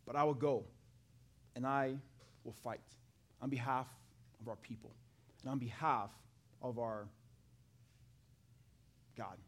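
A man preaching a sermon to a live congregation, acting out the scripture dialogue in an animated way and talking with the people in the pews. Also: mid-range voice, slow, long pauses. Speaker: pastor. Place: church hall with a live congregation.

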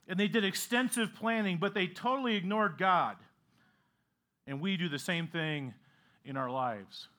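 Guy preaching a sermon, high bright voice, earnest, acts out quotes kinda sarcastic. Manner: earnest preaching with rhetorical questions. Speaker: pastor.

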